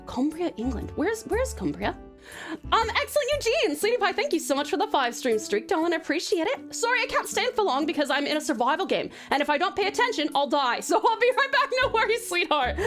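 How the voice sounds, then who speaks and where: A woman streamer with a mixed American and Australian accent, chatting casually and bubbly with her viewers. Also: on the high side. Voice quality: bubbly and giggly, doting on chat. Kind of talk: casual live stream chat.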